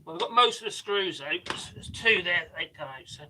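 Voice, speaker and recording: A man's voice: high-pitched, expressive, a little fast, noisy background. A man hosting a casual live stream while doing DIY work, rambling and hesitant, often muttering to himself as he works. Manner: rambling, hesitant, with many restarts and fillers.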